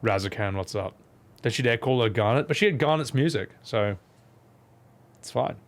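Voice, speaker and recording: A man's voice: medium pitch, lively intonation, moderate pace. A man streaming a game and voicing its scenes, making sarcastic, joking asides. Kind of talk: gameplay commentary.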